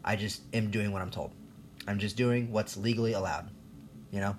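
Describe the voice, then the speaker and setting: A man's voice: on the low side, steady tone, moderate pace, a little hiss or hum. A man in his thirties ranting in a rambling, profane, sarcastic monologue, laughing at himself now and then. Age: 30s. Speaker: vlogger.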